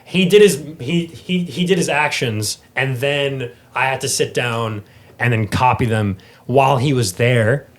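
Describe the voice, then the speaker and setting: Animated man telling a story. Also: medium pitch, measured pace. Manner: animated, swears often, acts out quoted dialogue. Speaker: guest actor. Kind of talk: casual storytelling chat.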